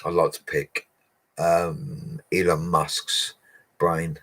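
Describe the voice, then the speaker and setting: Low-voiced chatty man. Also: monotone, drawn-out words, a bit bright. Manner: chatty and matey, laughs often. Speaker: bricklayer answering live chat questions. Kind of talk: casual livestream Q&A.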